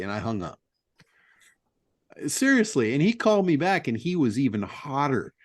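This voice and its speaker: A man's voice: a little high, sing-song, unhurried, no echo. A man hosting a business group call, chatting casually, bluntly giving advice, laughing often, with mild swearing. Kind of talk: casual chat, telling stories and giving advice.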